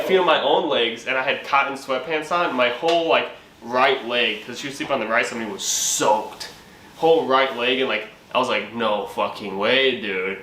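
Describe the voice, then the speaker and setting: A young man with a bright, forceful voice tells a comic story in a loose, profane way, acting out what he said back then. The room is echoey, with a faint hum of ambience behind him. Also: mid-range voice. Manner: profane, laughing, acts out his own quotes. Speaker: channel host.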